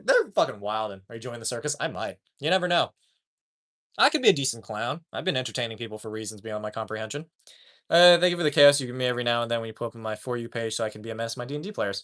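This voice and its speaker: A man's voice: medium pitch, fast. A man chatting casually with his live-stream audience, joking and swearing often. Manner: profane, animated, joking.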